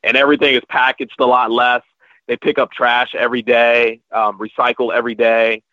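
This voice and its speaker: A man's voice: mid-range voice, little pitch movement, fairly quick, no room sound. Rambling man telling stories, dry sound. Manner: rambling storyteller with many restarts. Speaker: podcast guest. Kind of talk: casual chat. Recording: dry, slightly muffled lo-fi recording.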